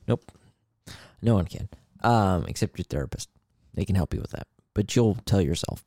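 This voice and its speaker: A man with a low, gravelly voice tells a personal story on a podcast, earnest and candid. The sound is dry and close, with no room around it. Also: lively intonation, moderate pace, warm tone, no echo. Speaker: podcast co-host. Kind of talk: casual podcast conversation.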